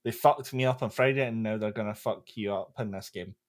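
A man's voice: lowish voice, brisk. A man co-hosting a podcast, mischievous and fond of crude jokes. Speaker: podcast co-host. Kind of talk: casual podcast banter.

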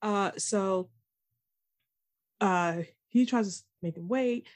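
A young adult woman co-hosting a podcast in casual chat, talking loosely with lots of fillers and quick laughs. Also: mid-range voice. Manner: chatty, fillers like "like", laughs easily. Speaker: podcast co-host.

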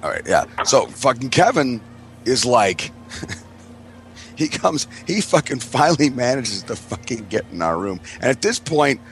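Male podcast co-host, mid-pitched voice, profane and rambling, slightly noisy room. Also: sing-song, measured pace, a bit bright. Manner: profane, rambling, acts out quotes. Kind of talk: casual storytelling chat.

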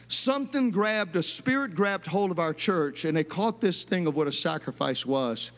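A middle-aged man, a pastor, preaching a sermon in a church, telling stories in an emphatic, animated way. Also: sits high, unhurried, in a large hall. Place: church sanctuary.

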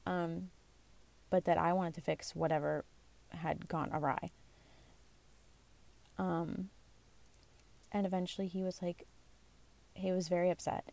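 A woman's voice: on the low side, gravelly, dark tone. A woman in her twenties telling a personal story in a candid, rambling way, full of fillers and self-deprecating asides, recorded on basic equipment at home. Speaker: vlogger. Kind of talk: casual confessional storytelling. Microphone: phone or basic mic.

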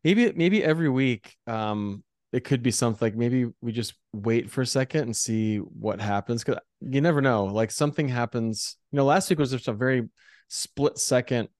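An American man chats loosely on a church podcast, circling back on his own sentences and laughing at himself. The sound is close and dry, with no room around it. His voice sits at an ordinary middle pitch. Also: moderate pace, darkish tone, dry recording. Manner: rambling, self-deprecating, laughs often. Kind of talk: casual chat.

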